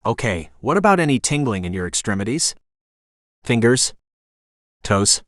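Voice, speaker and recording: A man's voice: medium pitch, very animated, normal speed, fairly bright tone, no echo, studio quality. A man playing a serious older doctor. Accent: slight Spanish accent. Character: older male small-town doctor, serious.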